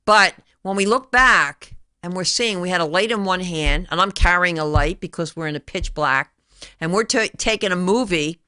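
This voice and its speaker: A woman's voice: on the low side, normal speed, pushed and bright, clear, resonant tone, dry recording. A middle-aged woman hosting her own talk show, speaking to camera in a studio, rambling and emphatic, with lots of rhetorical questions. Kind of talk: solo talk show monologue.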